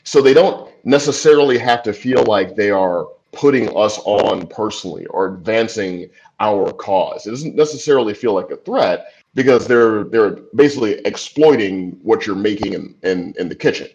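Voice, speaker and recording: A man's voice: on the low side, lively intonation, moderate pace, hardly any pauses, darkish tone. A man in his forties, a screenwriter being interviewed, telling stories in a loose, chatty way, full of "like" and "you know" asides and easy laughter. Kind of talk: casual storytelling. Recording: dull lo-fi recording.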